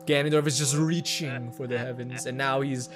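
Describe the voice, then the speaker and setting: A man casually commenting over a video game playthrough, chatty and joking with quick asides. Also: medium pitch, steady tone, soft background music. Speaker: gaming YouTuber. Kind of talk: let's play commentary.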